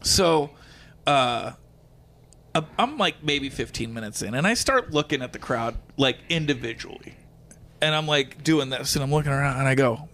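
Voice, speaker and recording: A man casually telling an animated stand-up story, acting out quotes and using lots of fillers. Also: medium pitch, normal speed. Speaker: guest comedian.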